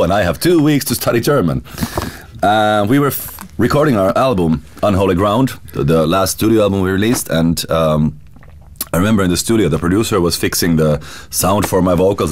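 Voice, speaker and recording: A man's voice: low-pitched, slight background noise. A man, a musician guest telling casual stories, laughing often and swearing lightly. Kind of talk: casual storytelling.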